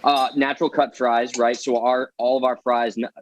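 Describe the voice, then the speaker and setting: A man with a New Jersey accent talks a live audience through a recipe over a video call. He is breezy and salesy and talks up his own food. His pitch sits in an ordinary middle range. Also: little pitch movement, moderate pace, rough recording. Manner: breezy, salesy, self-promoting. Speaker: guest chef. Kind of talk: live cooking demonstration.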